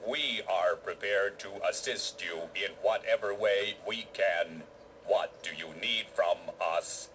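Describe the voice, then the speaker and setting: An actor voicing a formal, stiff-talking alien race of machine and crystal beings in a video game. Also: male voice, sits low, a bit bright, a little hiss or hum, poor audio. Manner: formal, measured, stiff delivery.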